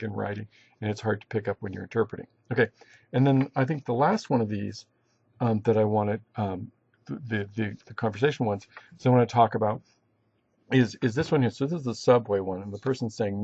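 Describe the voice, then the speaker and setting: A man teaching a recorded lesson, halting and restarting often, in a dry, slightly dull recording. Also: on the low side, a little mellow, breathy edge, no echo. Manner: halting, many restarts and fillers. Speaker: instructor. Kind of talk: recorded online lecture.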